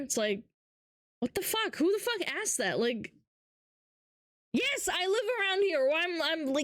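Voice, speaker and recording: A woman's voice: very high-pitched, very animated, unhurried, long pauses, a bit bright, no room sound, studio quality. A woman livestreamer in casual chat, ranting with lots of swearing and mocking her viewers. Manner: ranting, profane, mocking impressions.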